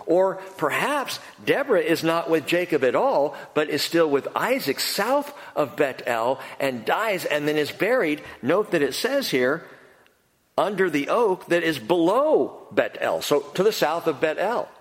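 A male preacher gives an expository sermon in an unhurried, emphatic way, his lively pitch swooping up and down a touch above the typical male range. He drives home points by repeating key phrases, and his words trail into a long reverb as if in a large sanctuary.

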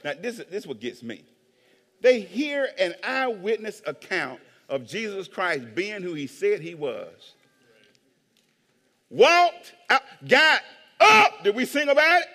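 A man preaching a sermon as pastor, animated, acting out voices and swinging between hushed asides and shouts. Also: sits high, slow. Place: church hall with long reverb. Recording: reverberant hall.

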